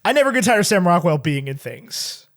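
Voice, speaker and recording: A man's voice: high-pitched, sing-song, a little fast. A man co-hosting a podcast, chatting casually with wry, dry humor and eager corrections. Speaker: podcast co-host. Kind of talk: casual chat.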